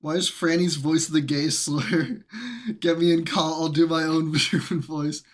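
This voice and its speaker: Playful, profane woman streamer, lowish voice, casual banter. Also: a little slow. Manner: playful, giggly, swears freely. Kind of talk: casual gameplay commentary.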